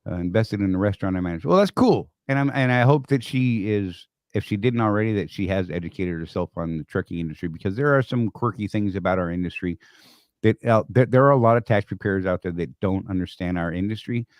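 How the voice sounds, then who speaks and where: A man's voice: on the low side, brisk, no echo, studio quality. A man co-hosting a casual live-stream chat, rambling through stories with frequent restarts. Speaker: co-host.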